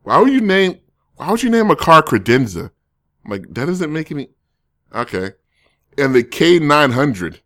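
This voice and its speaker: A man's voice: on the high side, big pitch swings, normal speed. A man streaming casually, reading viewer comments and rambling through jokes and self-corrections.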